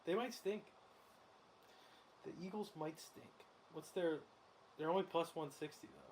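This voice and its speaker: Excitable male host, fairly high voice, laughs a lot, live betting chatter over a faint hiss. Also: measured pace. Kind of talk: casual sports betting commentary while watching a game.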